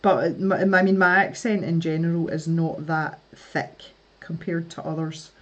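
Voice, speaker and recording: Chatty Scottish woman with a lowish voice. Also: level tone, normal speed, highs cut off. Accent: West Coast Scottish, softened. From West Coast of Scotland. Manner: chatty, laughs often, many restarts and fillers. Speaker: art livestream host. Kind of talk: casual chat reading live comments.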